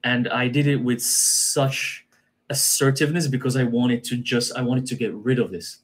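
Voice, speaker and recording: A man's voice: mid-range voice, fairly even intonation, moderate pace. A man, a guest on a live stream, telling a personal story in an earnest way, often repeating himself and restarting sentences.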